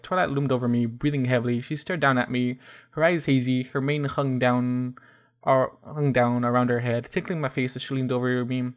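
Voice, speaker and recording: A man's voice: mid-range voice, a bit bright. A man reading a first-person fan fiction story aloud, often stumbling and correcting himself. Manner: stumbling restarts and self-corrections.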